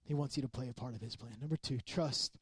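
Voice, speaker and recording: A man preaching a sermon as a pastor, animated and conversational, acting out quoted voices. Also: mid-range voice, fast, breathy edge, no room sound.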